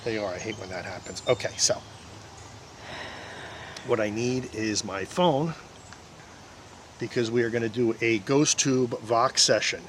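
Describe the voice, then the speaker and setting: A man's voice: mid-range voice, measured pace, long pauses, a little hiss or hum. Chatty man hosting outdoors. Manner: chatty, rambling with restarts and asides to viewers. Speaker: paranormal investigator host. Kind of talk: casual on-camera commentary. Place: outdoors in a historic park field.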